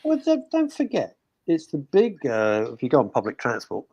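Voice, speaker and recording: A man hosting a radio chat show, talking in a chatty, animated way that sometimes drops to a hushed aside. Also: mid-range voice, moderate pace, slightly rough, dry recording, dull audio. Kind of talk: casual chat.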